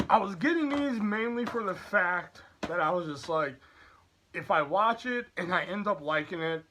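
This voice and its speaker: Bright-voiced man chatting on camera. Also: on the high side, slight background noise. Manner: candid, chatty, rambling. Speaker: YouTube channel host. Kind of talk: casual product review and haul vlog.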